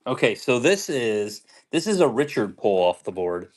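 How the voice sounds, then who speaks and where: A man's voice: mid-range voice, big pitch swings, moderate pace. A man hosting a pin sale livestream, chatting casually with restarts and calling out auction items. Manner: rambling, enthusiastic, restarts sentences. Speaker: host selling pins on a livestream. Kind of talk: casual chat and auction calls.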